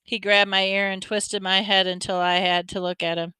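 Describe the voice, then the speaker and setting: A woman's voice: medium pitch, level tone, a little fast, few pauses, pushed and bright, clear, resonant tone, no room sound. A woman reading a story aloud in a plain, conversational first-person telling. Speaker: audiobook reader.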